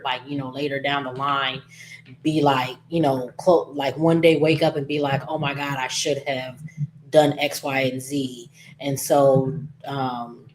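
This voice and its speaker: A woman's voice: low-pitched, a little hiss or hum. A woman casually recapping a soap opera episode, chatty and gossipy, acting out lines and laughing as she goes.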